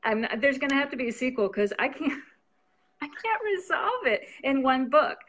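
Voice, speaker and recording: A woman's voice: sits high, big pitch swings, normal speed, a bit bright. A woman novelist chatting casually as an interview guest, rambling and laughing often.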